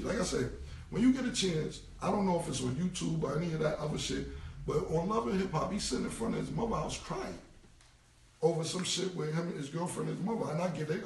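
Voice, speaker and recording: A man's voice: fairly high pitch, gravelly, a little mellow, a little hiss or hum. A forty-year-old man, talking bluntly and repetitively in heavy slang as an interview guest. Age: 40s. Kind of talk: casual interview talk. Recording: roomy, distant from the mic.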